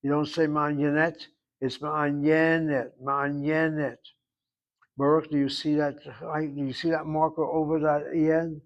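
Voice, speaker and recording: A man with a somewhat high voice teaching a language class. He explains grammar patiently but wanders into side remarks, repeating words slowly for students to copy. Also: completely flat delivery, darkish tone, highs cut off. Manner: explanatory, digressive, drills pronunciation. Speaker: Hebrew teacher.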